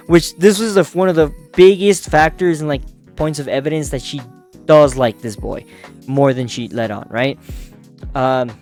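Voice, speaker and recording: A man's voice: on the high side, normal speed, darkish tone, faint music behind. A man hosting a casual manga recap who talks loosely, laughs often, swears and uses many fillers. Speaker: manga review host.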